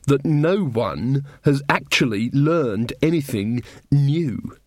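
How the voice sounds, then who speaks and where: Guy voicing a snooty young witch girl, slow and scornful, dismissive, dry sound. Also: mid-range voice, lively intonation, a little mellow, no room sound. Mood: haughty, scornful. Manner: haughty, dismissive. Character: arrogant young woman dabbling in magic.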